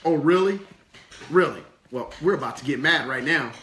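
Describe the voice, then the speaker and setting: A man's voice: on the high side, expressive, moderate pace, a bit bright, slight background noise. A man voicing a fearful, hot-headed male monkey puppet with whiny, anxious exclamations. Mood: riled up.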